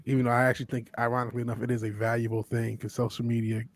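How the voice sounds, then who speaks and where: A male guest in casual chat, quick, emphatic and opinionated. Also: mid-range voice, completely flat delivery.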